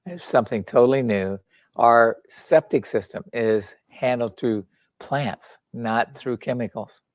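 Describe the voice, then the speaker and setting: A man's voice: mid-range voice, measured pace, dry recording. An older man, an author and founder, talking bluntly in a casual interview, swearing freely and telling jokes. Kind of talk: casual conversation.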